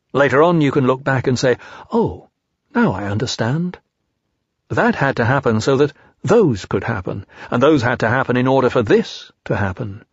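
A man reads an audiobook in a calm, measured way, with a husky voice at a middle pitch. The recording is dry, with no room sound. It also sounds dull and lo-fi. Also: dry recording. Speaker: audiobook narrator. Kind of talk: audiobook reading.

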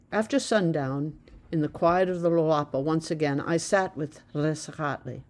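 A woman from the United States reading her own memoir aloud in a measured, plain storytelling voice. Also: deep voice, a little mellow. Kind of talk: audiobook narration.

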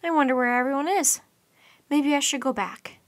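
A woman reading a storybook and voicing a jumpy, excitable little one-eyed green male monster who chatters nervously. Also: sits high, normal speed, lightly acted. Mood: excited.

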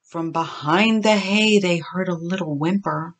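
An older woman, a grandmother, reading a children's story aloud in a gentle, expressive way. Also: fairly low pitch, unhurried.

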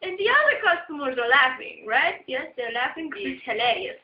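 A young woman casually telling a story, animated, laughing and cursing freely. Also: high-pitched, brisk. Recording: echoey, dull lo-fi audio.

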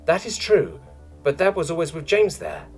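A man voicing a timid robot mechanic with a flat, mechanical tone and a nervous, literal manner. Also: fairly high pitch, normal speed, soft background music, voice pushed up. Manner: nervous, hesitant, literal-minded.

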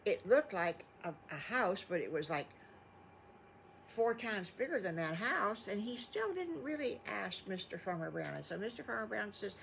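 A woman's voice: medium pitch, lively intonation, normal speed, creaky, slight background noise. An older woman telling an improvised children's story in a folksy, chatty way, with asides to her listeners.

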